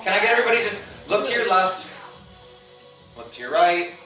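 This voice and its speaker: A man in his thirties doing crude, animated stand-up comedy, often breaking into laughs, on stage in a large convention hall. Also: sits high, brisk, faint music behind. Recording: echoey hall recorded from far off, noisy.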